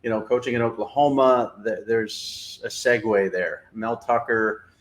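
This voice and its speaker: A man's voice: on the low side, unhurried. Blunt, opinionated man talking sports. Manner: opinionated, blunt, frequent fillers. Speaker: sports show host. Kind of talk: casual analytical sports talk.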